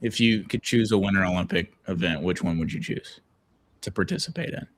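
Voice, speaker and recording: Man, podcast host, low voice, loose rambling watch-along chat. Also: a little fast. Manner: rambling, reads viewer chat aloud.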